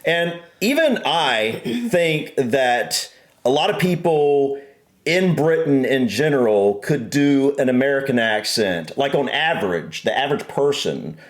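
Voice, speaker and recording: A man co-hosting a reaction video in casual chat, animated and rambling with restarts. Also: mid-range voice, unhurried. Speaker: reaction channel co-host.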